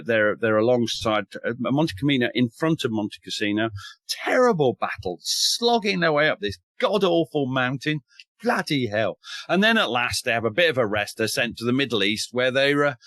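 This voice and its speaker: Brief: male historian, animated and wry, mid-pitched, dry close recording, frequent restarts. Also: no echo. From north of England. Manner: enthusiastic, wry humor, mild swearing, frequent restarts. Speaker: historian and author. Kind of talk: casual podcast chat.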